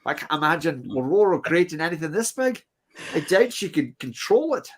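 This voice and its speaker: Man putting on a Irish accent, male comic hero, earnest read, pitched up. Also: sing-song, brisk. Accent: put-on Irish. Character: Irish male superhero reading out his worries.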